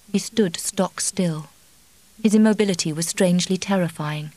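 A woman reading a novel aloud as an audiobook narrator, in a measured, even way. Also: fairly low pitch, no echo. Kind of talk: scripted narration.

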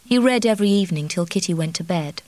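A woman reading a novel aloud as an audiobook narrator, in a measured, even way. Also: lowish voice, no echo. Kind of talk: scripted narration.

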